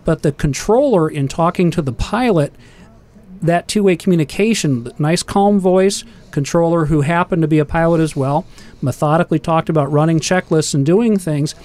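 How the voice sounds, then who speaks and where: A man explaining aviation safety in a calm, steady manner during a casual panel talk. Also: on the high side, normal speed.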